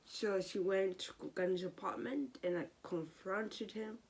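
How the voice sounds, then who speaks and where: Slow-talking woman recapping. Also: medium pitch, slightly rough. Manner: animated, exasperated. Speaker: soap opera recap vlogger. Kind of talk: casual episode recap.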